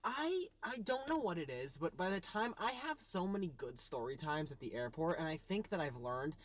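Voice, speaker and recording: A man from the United States telling a casual story with exasperated, animated retellings and voiced quotes. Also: fairly high pitch, moderate pace. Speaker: co-host.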